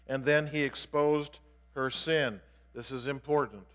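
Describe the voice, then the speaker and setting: A man's voice: mid-range voice, unhurried, fairly bright tone. A man preaching an explanatory sermon in an earnest way, stressing key words as he teaches. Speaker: pastor. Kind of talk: expository sermon. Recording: long reverb of a large hall.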